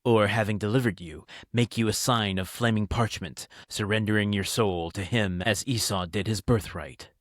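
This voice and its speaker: A sardonic young Parisian journalist who talks with an American accent, teasing and mocking, as a man puts him on. His voice sits fairly low and sounds dry and close. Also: moderate pace, hardly any pauses, dry recording, lightly acted.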